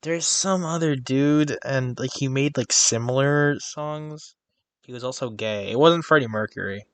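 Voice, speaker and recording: A man's voice: mid-range voice, unhurried, a bit bright, no room sound. A young man co-hosting a podcast in casual chat, telling rambling stories full of fillers and restarts. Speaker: podcast co-host.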